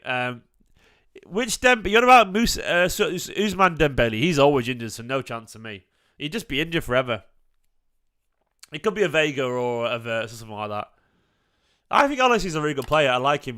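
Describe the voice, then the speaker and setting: A man's voice: medium pitch, bright, forceful tone, smooth. A man hosting a fan channel, chatting casually and opinionatedly about football transfers, rambling with fillers and restarts. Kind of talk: casual livestream football chat.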